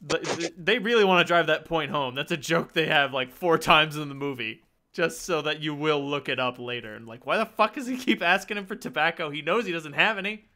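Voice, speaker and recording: Bright, clear-voiced game master. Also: male voice, a little high, brisk. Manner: rambling, chatty, frequent fillers and swearing. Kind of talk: narrating a tabletop game.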